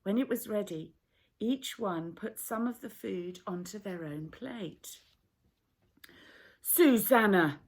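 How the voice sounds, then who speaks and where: Woman reading a kids bible story real slow, gentle, bit of gravel in her voice. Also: medium pitch.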